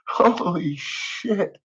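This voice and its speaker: A man's voice: very high voice, husky, muffled recording. A man livestreaming to his chat in a profane, rambling rant, laughing often. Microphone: own microphone.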